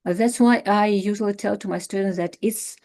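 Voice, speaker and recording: A woman from Kazakhstan with a Russian accent, giving an academic lecture as a guest lecturer, pausing often to search for words. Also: mid-range voice, steady tone, a little mellow. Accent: Russian-accented English.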